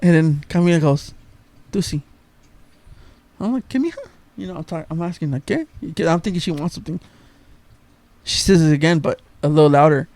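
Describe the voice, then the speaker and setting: A man's voice: on the high side, fast talker, darkish tone. A man co-hosting a podcast, telling funny stories in a slangy, casual way and laughing a lot. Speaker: podcast co-host. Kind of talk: casual chat.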